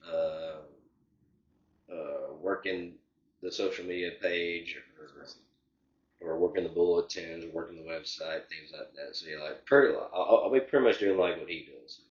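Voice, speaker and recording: A man's voice: deep voice, a little mellow, echoey room, lo-fi sound. A young man, answering interview questions casually with many filler words. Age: young adult. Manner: rambling, heavy filler words. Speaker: interview guest.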